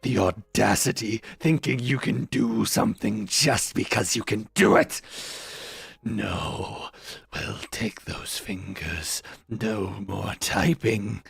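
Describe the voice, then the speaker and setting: A man voicing a cruel, gloating personified website in a slow, low, menacing way. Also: vocal fry, slightly rough, dry recording, heavily acted.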